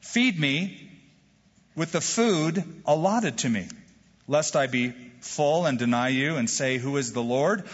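A man preaching a sermon as a pastor, animated, acting out quoted prayers with jokes. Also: fairly high pitch, takes it slowly. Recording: dull lo-fi sound with hall reverb.

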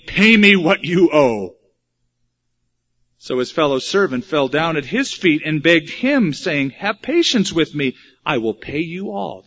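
A pastor preaching an expository sermon and reading scripture, with wry asides. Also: male voice, fairly high pitch, pushed and bright. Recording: dull lo-fi recording.

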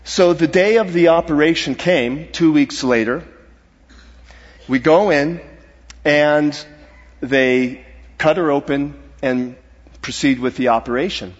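A middle-aged man telling a personal story in a sermon, earnest and halting, his voice dropping to a hush at the grave parts. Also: fairly high pitch. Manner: earnest, halting, dropping to a hushed voice at serious moments. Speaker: guest speaker. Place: church sanctuary. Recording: dull reverberant hall sound.

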